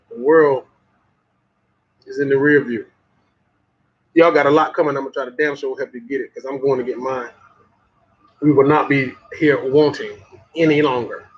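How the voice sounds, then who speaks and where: A man's voice: mid-range voice, husky. A man with a Southern US accent delivering a profane, folksy motivational monologue, repeating lines for emphasis. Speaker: motivational vlogger. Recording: muffled lo-fi audio.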